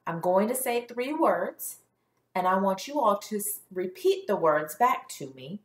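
A woman teaching a phonics lesson to young children, stretching out sounds slowly and clearly for them to repeat. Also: mid-range voice, big pitch swings, reverberant. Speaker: first grade teacher.

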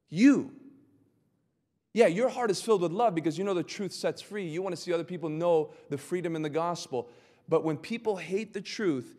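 A male pastor teaching a Bible study sermon, impassioned and building to loud, emphatic cries. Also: on the high side. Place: church sanctuary. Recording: long hall reverb.

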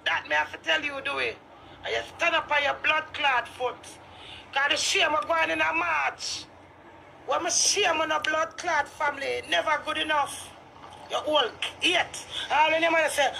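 A woman's voice: high-pitched, fairly even intonation, normal speed, creaky, bright, forceful tone, a little hiss or hum, rough recording. A Jamaican woman ranting heatedly to camera, cursing freely in patois. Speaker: vlogger. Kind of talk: ranting street vlog.

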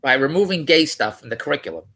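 A man's voice: fairly high pitch, animated, fast talker, sharp tone, breathy edge. A man riffing in a rambling, mocking way on a news article, often correcting himself. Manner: rambling, digressive, self-correcting; incredulous, mocking. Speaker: vlogger.

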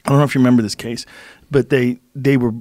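A man hosting a podcast, chatting in a relaxed, conversational way and asking quick questions. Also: mid-range voice, no echo. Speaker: podcast host. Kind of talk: casual conversation.

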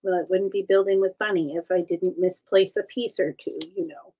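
A woman's voice: on the low side, steady tone, fairly quick, mellow. A woman hosting a casual live stream, chatting with viewers and greeting them by name while she builds. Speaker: live-stream host building brick sets.

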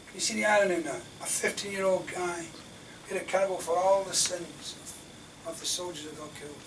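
An older man from Scotland gives an impassioned lecture as a defence lawyer. He talks rhetorically, rising to loud emphasis and dropping to near-whispers. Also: high voice, steady tone, fairly quick. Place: university lecture hall. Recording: distant mic in a lecture hall, faint room noise.

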